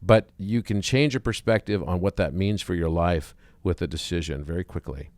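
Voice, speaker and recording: A man's voice: sits low, moderate pace, a little mellow, dry recording. A man speaking as a podcast guest in casual conversation, reflective and fond of telling stories. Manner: reflective, storytelling.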